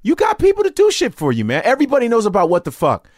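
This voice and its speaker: A man from Chicago, a comedian guest in casual podcast banter, loud and profane with big laughs. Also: very high voice, rapid-fire, dry recording, clean studio sound. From Chicago, USA. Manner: animated, profane, loud laughs, imitates others.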